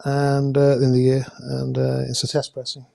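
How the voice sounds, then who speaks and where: A man's voice: mid-range voice, monotone, creaky, dark tone. Chatty man hosting a live raffle. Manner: chatty, halting with many uh's, jokey asides. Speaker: host drawing raffle prizes. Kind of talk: casual live-stream chat. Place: indoors at home with a camera crew.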